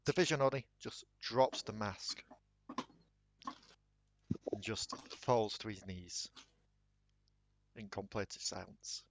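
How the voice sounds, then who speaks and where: A man's voice: fairly low pitch, takes it slowly, vocal fry, pauses often. Man narrating as dungeon master. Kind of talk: narrating a tabletop game.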